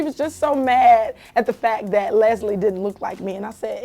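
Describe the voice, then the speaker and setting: A young woman with a fairly high voice tells stories in a casual interview. She is a comedian, lively and laughing easily, and she acts out what her family said. Light music plays faintly behind her. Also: normal speed, hardly any pauses. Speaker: actress and comedian being interviewed.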